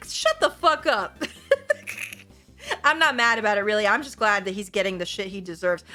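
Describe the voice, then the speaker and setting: A woman livestreamer chatting casually to her viewers, animated, profane and playfully gushing. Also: medium pitch.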